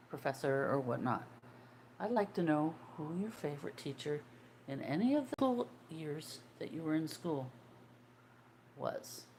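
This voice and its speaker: Low-voiced older woman chatting on a livestream. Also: a little mellow, a little hiss or hum. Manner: chatty, greets and answers viewers' comments as she goes. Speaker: livestream host. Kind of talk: casual livestream chat.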